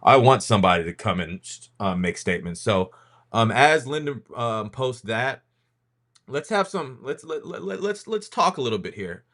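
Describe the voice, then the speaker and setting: A man's voice: mid-range voice, very animated, moderate pace, fairly bright tone. A man hosting a casual podcast, talking loosely with lots of ums and restarts as he leads a rankings reveal.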